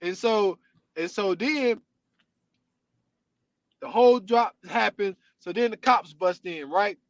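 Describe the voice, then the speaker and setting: High-voiced man animatedly retelling a story. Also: slow, no room sound, lo-fi sound. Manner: animated storytelling, often says "you know what I'm saying". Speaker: podcast host. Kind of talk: casual chat.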